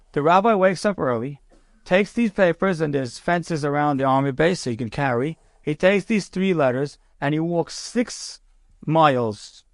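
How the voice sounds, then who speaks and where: High-voiced rabbi telling a story. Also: male voice, dry recording, clean studio sound. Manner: conversational, animated storyteller. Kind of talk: sermon storytelling.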